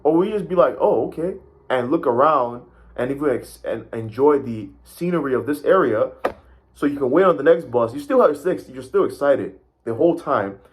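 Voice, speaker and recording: A man's voice: mid-range voice, lively intonation, moderate pace. A man giving an emphatic motivational talk to camera, often checking in with "right?" and pointing at a sketch as he explains. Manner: emphatic, keeps asking "right?" and "you see". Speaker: motivational speaker.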